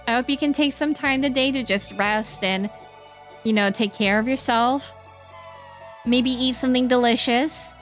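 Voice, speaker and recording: A woman's voice: on the high side, normal speed, a bit bright. A young woman streaming, chatting with her viewers in an earnest way and breaking into playful silly noises. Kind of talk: casual chat with stream chat. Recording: faint music behind the voice.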